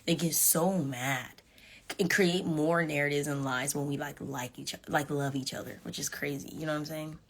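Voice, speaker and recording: A young woman chatting casually with fans on a live stream, animated and sassy, talking straight to her viewers. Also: deep voice, normal speed. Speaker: reality show contestant on a live stream. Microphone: phone.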